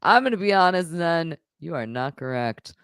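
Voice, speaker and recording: A woman with a low voice hosts a live stream and runs a guessing game for the chat. Her pitch moves up and down a lot, and her tone is sarcastic and playful. The sound is dry and close to the mic. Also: expressive, moderate pace, a bit bright, smooth, dry recording. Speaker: host.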